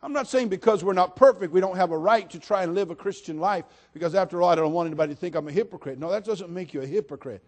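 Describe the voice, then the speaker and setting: Preacher, male, high-pitched, sermon delivery with humorous asides and loud appeals. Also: fast, hardly any pauses. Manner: swings from quiet asides to shouted appeals; humorous storytelling, repeats "listen to me".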